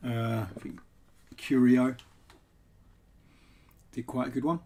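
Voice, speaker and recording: A man's voice: mid-range voice, steady tone, slow, warm tone, a little hiss or hum. Chatty man rambling on a live stream. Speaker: poet and game streamer. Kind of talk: casual live-stream chat over gameplay.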